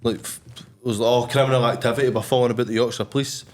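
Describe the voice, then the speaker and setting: A young Scottish man, a podcast guest, telling a wild story in a blunt, sweary, animated way. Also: mid-range voice, fast. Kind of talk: casual storytelling.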